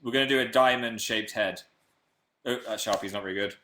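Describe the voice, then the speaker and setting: A man's voice: on the low side, brisk, sharp tone, slight background noise. A young man from England hosting a casual live stream, chatting playfully and reading out viewer comments.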